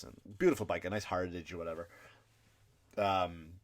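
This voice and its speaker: A man's voice: low-pitched, steady tone, brisk. A male comedian hosting his podcast, telling a rambling, profane story with indignant asides.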